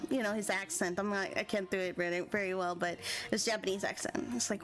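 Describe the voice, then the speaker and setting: An American woman telling a travel story in casual, chatty vlog talk, giggling often and animated. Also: medium pitch, a little fast, soft background music. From United States. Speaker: vlogger.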